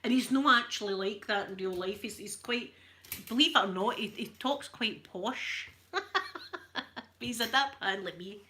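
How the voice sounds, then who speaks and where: A woman's voice: medium pitch, unhurried, pushed and bright, a little hiss or hum. A Scottish woman hosting her channel, telling rambling stories in casual chat and laughing often. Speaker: channel host.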